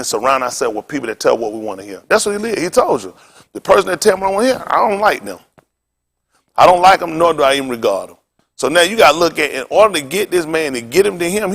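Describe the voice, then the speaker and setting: A male pastor preaching a sermon in animated, informal street talk, throwing questions back to the congregation. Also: fairly high pitch.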